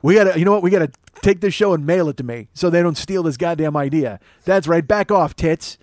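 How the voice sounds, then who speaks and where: A man's voice: a little high, a little fast, a little mellow. A man in his forties hosting a comedy podcast, delivering a profane, exasperated solo rant that swings between mock outrage and mumbling. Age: 40s.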